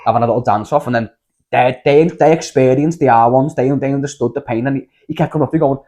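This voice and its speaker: Fast-talking young man. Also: medium pitch, dark tone. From Liverpool, England. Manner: swearing, storytelling, slangy. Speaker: podcast co-host. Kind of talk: casual chat.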